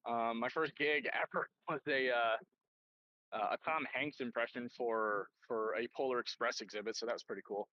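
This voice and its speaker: A man's voice: medium pitch, steady tone, moderate pace, highs cut off, a little hiss or hum. A professional voice actor, a man, introducing himself in a friendly, rambling way with many fillers. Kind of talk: casual self-introduction. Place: outdoors on a street.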